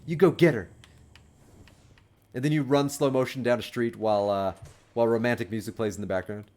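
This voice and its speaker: A man's voice: mid-range voice, fairly even intonation, quick pace, darkish tone. A young man chatting casually on a game livestream, rambling and friendly as he gives dating advice to his chat. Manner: rambling and friendly, with many restarts and chuckles.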